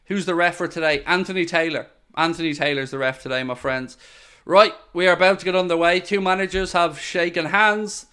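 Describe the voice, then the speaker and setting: A man's voice: sits high, brisk, clean tone. A man hosting a live football watchalong, chatting eagerly with viewers and calling the build-up to kickoff. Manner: excitable, pleading, chatty with viewers. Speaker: watchalong host.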